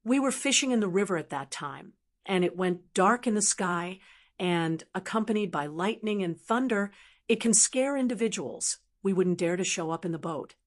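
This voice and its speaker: A woman's voice: mid-range voice, normal speed, lightly acted. A woman reading the lines of an eager young male villager in an audiobook, in an earnest tone. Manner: excited and earnest.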